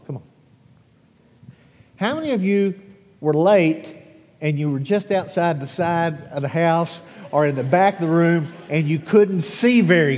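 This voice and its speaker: A man with a notably high voice leads a children's sermon, firing questions at the kids and adults. His words ring out with a long reverb through a large church sanctuary, and his delivery stays animated and playful. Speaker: pastor. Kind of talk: children's sermon and scripture reading.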